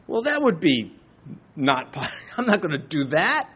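A man's voice: fairly high pitch, sing-song, measured pace, a bit bright, husky. A man preaching a sermon, conversational and emphatic, reading scripture and chuckling now and then. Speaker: pastor.

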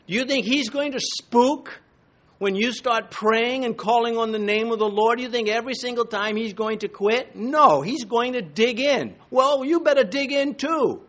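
A man's voice: very high voice, a bit bright. A man preaching a sermon from the pulpit, emphatic and full of rhetorical questions. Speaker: pastor.

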